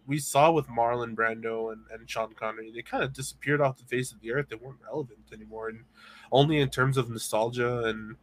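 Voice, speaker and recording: A man's voice: mid-range voice, steady tone, a little fast. A man co-hosting a casual chat, joking around and slipping into playful impressions. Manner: jokey, slips into playful impressions. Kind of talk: casual banter.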